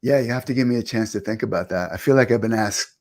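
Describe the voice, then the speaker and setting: A middle-aged man, a guest author, explaining ideas in a thoughtful, wry, measured way. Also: on the low side, darkish tone. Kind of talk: reflective interview talk.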